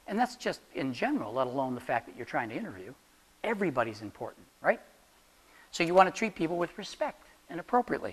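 An instructor giving a class practical interview advice in a chatty, joking way, often asking the room questions. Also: medium pitch. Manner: jokey, laughs at own jokes. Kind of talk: classroom talk on job interviews.

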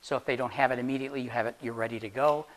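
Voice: medium pitch, steady tone, rapid-fire. An instructor giving a class practical interview advice in a chatty, joking way, often asking the room questions. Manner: jokey, laughs at own jokes. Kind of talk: classroom talk on job interviews.

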